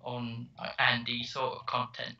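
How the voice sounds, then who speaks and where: A man's voice: mid-range voice, completely flat delivery, measured pace, pushed and bright, echoey room, distant mic, highs cut off. A man co-hosting a casual chat, hesitant and stammering.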